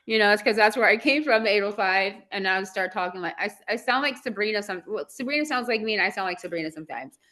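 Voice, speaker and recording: A woman's voice: mid-range voice, lively intonation, fast talker, few pauses, sharp tone. A woman from Southern California with a valley girl accent, hosting a casual online chat, bubbly and chatty, laughing often. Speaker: host.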